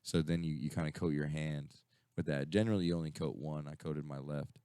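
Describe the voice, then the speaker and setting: A man's voice: extremely low pitch, fairly even intonation, brisk, dark tone, clear, resonant tone, no echo, studio quality. A man co-hosting a casual radio chat, rambling and swearing, full of fillers and restarts. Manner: rambling, profane storytelling with many fillers. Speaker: radio show co-host.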